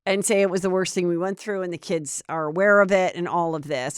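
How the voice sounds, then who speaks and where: A woman's voice: on the low side, steady tone, brisk, clear, resonant tone, no echo, studio quality. A woman hosting a podcast, chatting in a blunt, gossipy way with lots of fillers. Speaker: podcast host. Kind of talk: gossipy casual chat.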